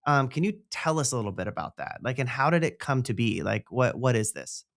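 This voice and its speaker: A man's voice: mid-range voice, sing-song, a little fast, gravelly, a bit bright, no echo. Host: man, eager and chatty, loose and rambling, mid voice, dry close mic. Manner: enthusiastic, rambling with fillers. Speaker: podcast host. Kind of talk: casual podcast interview.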